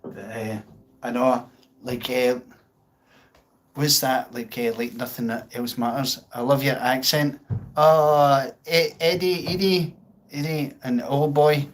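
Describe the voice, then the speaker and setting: A man's voice: medium pitch, little pitch movement, slow pace. A man with a Scottish accent hosting a casual livestream, chatting with viewers in a self-mocking way and swearing freely. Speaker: livestream host. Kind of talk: casual chat reading out viewer comments.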